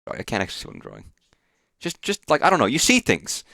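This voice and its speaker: A man's voice: medium pitch, wildly swooping pitch, rapid-fire, creaky, bright, forceful tone, no room sound, studio quality. A man streaming a game live, chatting casually in a rambling way, swearing often and full of fillers. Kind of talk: casual live gameplay chat.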